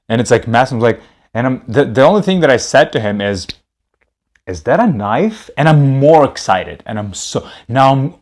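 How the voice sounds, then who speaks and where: Rambling comedic storyteller, a man with a very expressive, up-and-down delivery. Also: medium pitch. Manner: rambling, animated, repeats himself. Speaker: comedy podcast host.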